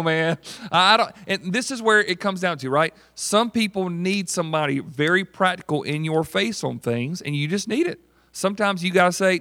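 Animated pastor, dry close sound. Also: male voice, sits high, moderate pace, dry recording. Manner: conversational, animated, asks the congregation questions. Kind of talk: sermon.

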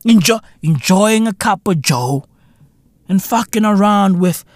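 A man's voice: high voice, animated, a little slow, dry recording. A man from Africa, hosting a solo podcast and ranting with profanity, sarcasm and exasperation. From South Africa. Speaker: podcast host. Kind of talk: solo podcast commentary rant.

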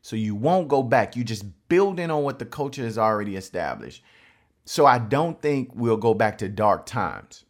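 A man's voice: medium pitch, big pitch swings, moderate pace. A middle-aged man, ranting as a sports fan, emphatic and repeating his phrases.

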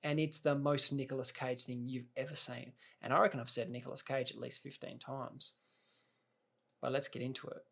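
A man hosts a casual reaction video, talking over a film clip in a loose, rambling way. He is enthusiastic and keeps circling back to restart his sentences. His pitch sits in an ordinary middle range. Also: little pitch movement, moderate pace, vocal fry, fairly bright tone. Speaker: video host.

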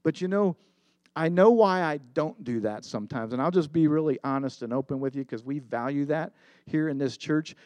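Earnest higher-voiced male pastor preaching. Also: moderate pace, a little mellow, no echo. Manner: earnest, confessional storytelling with emphatic repetition. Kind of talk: sermon.

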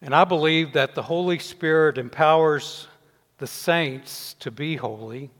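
An older man preaching a sermon, measured, letting his voice fall softly at the ends of phrases. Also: fairly high pitch. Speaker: pastor. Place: church sanctuary. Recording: long reverb in a church hall.

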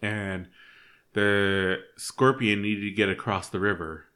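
A man in casual conversation, telling animal stories with animated gestures and quoted lines. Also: fairly low pitch, takes it slowly. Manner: animated anecdote teller. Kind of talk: casual chat.

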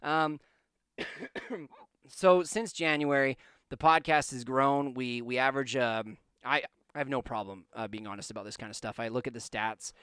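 A man in the middle of pitch talks on his own podcast, hiccuping and coughing now and then. His voice is smooth and resonant, and the room sounds dry. He rambles earnestly and restarts his sentences often. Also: moderate pace, fairly bright tone, no room sound. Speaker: podcast host. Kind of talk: casual solo podcast monologue. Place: home basement studio.

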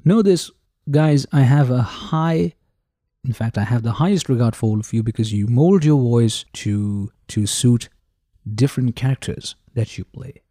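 Man, podcast host, very mellow dark tone, dry close sound, showy address to the audience. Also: medium pitch, measured pace, no room sound. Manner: showy, repeats "ladies and gentlemen". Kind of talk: casual microphone review talk. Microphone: handheld dynamic mic held close.

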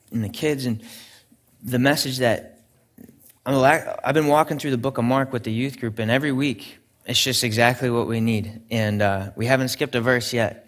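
A young adult man, a pastor, preaching a sermon in an earnest storytelling way with frequent restarts. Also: medium pitch.

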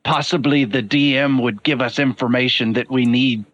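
A man playing a tabletop game, speaking in a formal, measured way. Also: medium pitch, steady tone, a bit bright, no echo, lo-fi sound. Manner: formal, measured in-character speech. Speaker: player.

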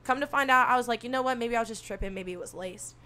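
Soft-spoken young woman telling a wild story. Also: a little high, fast talker, slight background noise. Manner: animated, swearing, acts out quotes. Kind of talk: casual storytelling.

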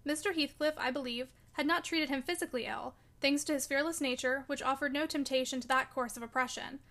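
A woman narrating a classic novel in a measured, expressive way. Her voice is high and bright, with a crisp, forward ring. She reads long sentences clearly and evenly. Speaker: audiobook reader.

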